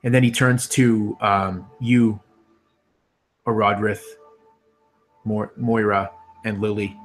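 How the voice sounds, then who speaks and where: A man narrating as game master of a tabletop game, talking with many pauses and fillers. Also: on the low side, level tone, faint music behind.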